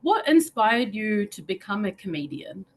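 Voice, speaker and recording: A woman from New Zealand hosting a casual podcast, easygoing and quick to laugh. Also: mid-range voice, big pitch swings. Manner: giggly, easygoing questioner. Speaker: podcast host.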